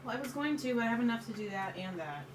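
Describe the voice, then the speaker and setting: Woman healer player, chatty, high lively voice, echoey room. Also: fast talker, slight background noise. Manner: chatty, thinks out loud. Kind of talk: casual tabletop chat.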